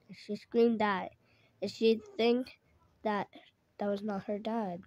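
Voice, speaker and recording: A woman spins an improvised tale at an unhurried pace, wandering through it and correcting herself as she goes. Her voice sits in a middle register and is recorded close and dry. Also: mid-range voice, steady tone, no echo, highs cut off. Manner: rambling, corrects herself mid-sentence. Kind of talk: improvised storytelling.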